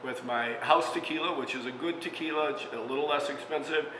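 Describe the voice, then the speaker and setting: On a casual cooking show, a restaurant chef chats through a demonstration, telling anecdotes with frequent fillers and little chuckles mid-sentence. His voice is on the high side and a little fast. The room is echoey with long reverb and a faint hum in the background.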